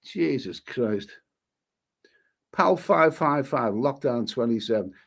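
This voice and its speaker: A man's voice: medium pitch, expressive, takes it slowly, creaky, a bit bright. Exasperated rambling man. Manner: rambling, exasperated, swears mildly. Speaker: travel vlogger reading live chat. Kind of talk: live-stream chat.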